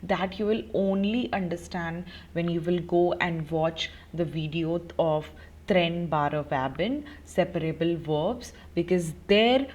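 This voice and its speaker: She talks slowly in a darkish, lowish voice with an Indian English accent, walking students through German grammar online. Switching between Hindi and English, the teacher often fills pauses with fillers.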